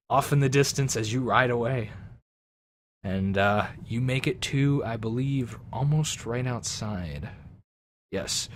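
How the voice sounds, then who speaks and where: A man narrating as game master for a tabletop game in a loose, halting way with many fillers. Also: medium pitch.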